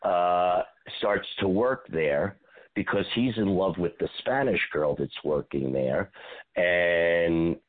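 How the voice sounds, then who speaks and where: A man, an actor, telling animated show-business stories as a radio guest and acting out what people said. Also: low-pitched, slow pace, phone-quality sound. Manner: animated storyteller, acts out quotes.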